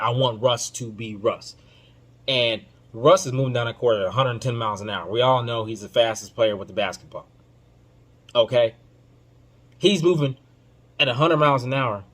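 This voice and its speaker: A man hosting a podcast, giving casual basketball commentary in an emphatic, informal, slang-heavy way that swings between loud outbursts and low muttering. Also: brisk. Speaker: podcast host.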